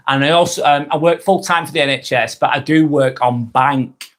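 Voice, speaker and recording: A man in his forties hosting a live stream, chatting casually and reading out viewer comments, friendly, rambling and quick to apologise. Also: a little high, fairly bright tone. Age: 40s. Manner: chatty and friendly, ranting a little, apologising often.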